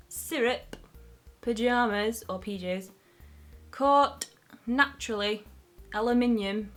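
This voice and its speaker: A young Northern English woman chats to camera in a casual vlog, her voice sitting a touch high. She thinks aloud and repeats single words to hear them again, with faint music playing softly underneath. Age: young adult. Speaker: vlogger.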